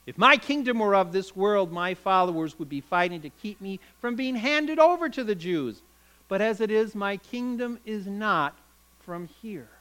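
A man voicing a calm, condemned prisoner who answers his judge in quiet, measured words. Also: high voice, clean tone. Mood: solemn. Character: calm prisoner claiming a heavenly kingdom, man.

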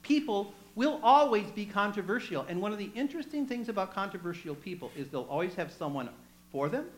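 In poor audio, a preacher speaks at a medium pitch, fairly quickly and with lively intonation. Retelling a story during the sermon, he performs the quoted voices and chats with the congregation along the way.

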